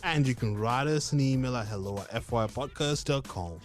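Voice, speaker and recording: A woman co-hosting a podcast in casual chat, laid-back and unhurried. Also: a bass voice, soft background music. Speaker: podcast co-host.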